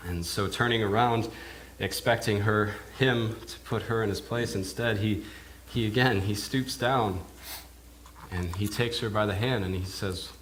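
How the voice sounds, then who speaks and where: Halting low-voiced minister in character. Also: male voice, fairly even intonation, a bit bright, slight background noise. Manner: halting, often repeats words as he goes. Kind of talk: first-person character monologue sermon. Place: church.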